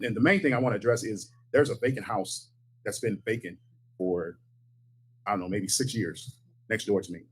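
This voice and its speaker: A man's voice: on the low side, husky, rough recording. A man, a longtime resident, hesitantly complaining about his block during public comment at a town meeting. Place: meeting hall.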